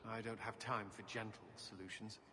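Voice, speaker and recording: A man's voice: on the low side, little pitch movement, normal speed, noisy background, natural voice. Curt game official, a man voicing him, in a hall. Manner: curt, businesslike.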